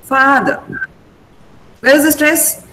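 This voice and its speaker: A middle-aged woman with an Indian English accent teaching pronunciation online, patiently repeating words slowly over a video call. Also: high voice, fairly even intonation, bright, forceful tone, a little hiss or hum, poor audio. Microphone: computer mic on a video call.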